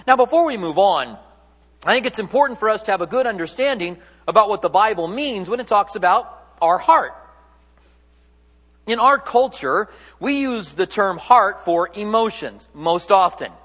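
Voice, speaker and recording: A man with a notably high voice preaches a sermon, his words trailing off into a long church reverb. He keeps it conversational and light, tossing in jokes and restarting sentences as he goes. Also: expressive, normal speed, a bit bright. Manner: conversational, joking preaching with self-corrections. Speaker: pastor.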